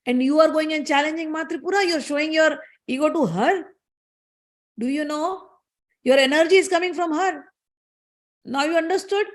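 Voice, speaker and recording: Woman putting on wise male guru, earnest, a bit higher. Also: normal speed, long pauses, lightly acted. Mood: scolding. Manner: pleading, then scolding.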